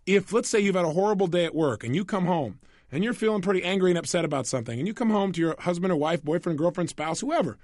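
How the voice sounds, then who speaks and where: A man's voice: sits high, expressive, darkish tone, no room sound, clean studio sound. A man teaching a motivational audio program in a conversational way, often asking the listener rhetorical questions. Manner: conversational, acts out little scenes in quick voices. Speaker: self-help coach.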